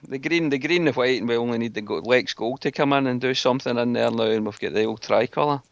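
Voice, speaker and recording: A man's voice: medium pitch, fast talker, vocal fry, no echo. Man from scotland, casual football chat, teasing, mock-stern, muffled lo-fi sound. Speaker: podcast co-host.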